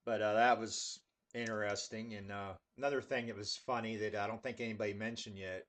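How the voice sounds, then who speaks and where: A man telling casual stories with many fillers, then reviewing a pipe tobacco in a relaxed, rambling way. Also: on the low side, a little fast. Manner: laid-back rambling with fillers.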